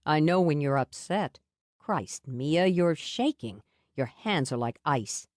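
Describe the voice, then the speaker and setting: A woman voicing a teasing, protective grown man who speaks in a wry, coaxing, steady way. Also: sits low, slow, no room sound, studio quality.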